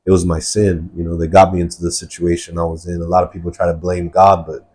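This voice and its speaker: A man with a low, dark voice tells his life story in a podcast interview. He talks earnestly and rambles, with a husky edge and many fillers. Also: flat delivery, quick pace. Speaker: guest sharing testimony. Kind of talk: personal testimony in a podcast interview.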